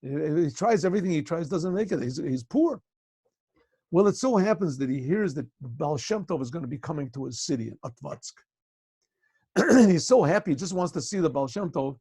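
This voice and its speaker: A male rabbi tells a story in a loose, conversational way, pausing often to clear his throat. His voice is gravelly and husky, a touch high for a man. He is heard through a video call, close and dry. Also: animated, mellow, dry recording. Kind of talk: animated storytelling for a class.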